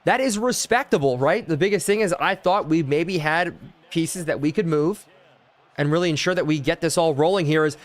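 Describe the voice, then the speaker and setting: A young man live-streaming a football video game, calling plays and thanking chat, excitable and loud on big plays. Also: fairly high pitch, moderate pace, no room sound.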